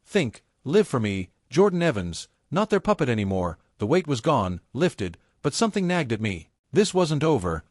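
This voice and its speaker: A man narrating a first-person family drama story in an even, steady storytelling read. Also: medium pitch, no room sound, clean studio sound.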